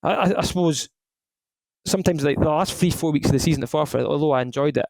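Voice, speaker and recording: Gravelly Scottish man chatting. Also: on the high side, fast talker, no room sound, low-quality recording. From Scotland. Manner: rambling, frequent restarts, relaxed storytelling. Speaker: retired footballer guest. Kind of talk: casual podcast chat.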